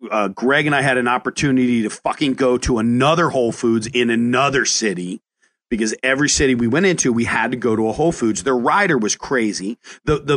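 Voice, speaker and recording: A man hosting a podcast as a chef. He talks casually in an animated, profane way and often stumbles into restarts as he tells stories. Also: mid-range voice. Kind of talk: casual chat.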